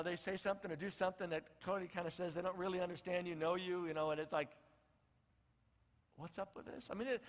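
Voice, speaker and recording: High-voiced pastor preaching in a hall. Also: male voice, fairly bright tone. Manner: conversational, acts out the disciples' lines. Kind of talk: sermon.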